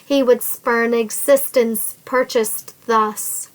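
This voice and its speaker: A dignified young woman standing firm against her tormentor, voiced by a female reader. Her replies are calm, resolute and unhurried, in a somewhat high voice. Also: rough recording. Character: steadfast young woman defying her captor.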